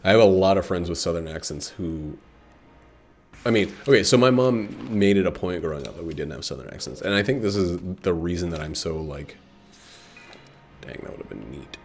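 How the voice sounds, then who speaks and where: A man with a very deep voice talks loosely while he plays a video game. He wanders from story to story with plenty of "uh" and "like", and he swears casually. Faint game music runs underneath. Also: expressive, a little fast, gravelly. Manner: meandering, swears casually, many fillers. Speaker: gameplay commentator. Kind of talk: casual rambling commentary over gameplay.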